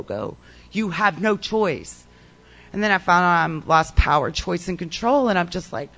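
Candid recovery share, talks real animated, lots of "like" and "you know", acts out old convos, mid-pitched voice. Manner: peppers speech with "like" and "you know". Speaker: recovery meeting speaker. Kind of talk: personal recovery story told to a meeting.

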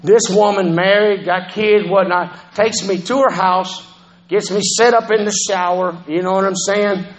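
A man's voice: high voice, steady tone, a little slow, a little hiss or hum, rough recording. A man telling his recovery story as a personal testimony, conversational and profane, often checking in with the listeners. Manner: profane, conversational, keeps asking "you know what I'm saying".

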